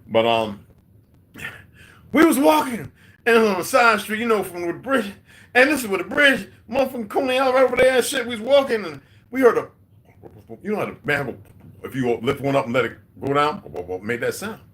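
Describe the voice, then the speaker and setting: A middle-aged man, telling loud, profane street stories to his livestream chat. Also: high-pitched, sing-song, brisk. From New York. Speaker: livestream host. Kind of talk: casual livestream storytelling.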